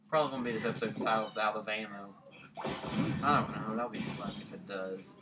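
Excitable gamer shouting at the game. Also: medium pitch, brisk, a crowd in the background. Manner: repeats words, rambling asides. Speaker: gameplay commentator. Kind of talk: let's play commentary. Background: game music.

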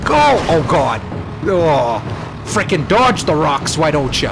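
A man hosting a let's play, commenting excitedly, shouting and swearing at enemies over game music. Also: fairly high pitch, slow, background noise. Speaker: gaming channel host.

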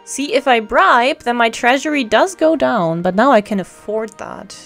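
A woman chatting casually as she plays a narrative game, reading its lines aloud and reacting in a playful, light manner. Faint music plays softly beneath her voice. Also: a little high, lively intonation, moderate pace, creaky. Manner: chatty, reads card text aloud, laughs often. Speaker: streamer.

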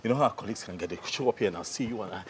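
A man's voice: on the low side, racing, darkish tone, a little hiss or hum, close to an everyday voice. An actor with a Nigerian accent playing a persistent, smug, flirtatious male office colleague in a film. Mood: coaxing. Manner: persistent, cajoling, laughs at others. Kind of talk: Nollywood film acting.

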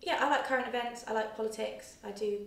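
A woman's voice: on the high side, fast talker, creaky, a bit bright. A young woman in a casual chat, earnestly explaining her views at length. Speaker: guest. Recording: roomy echo, distant mic.

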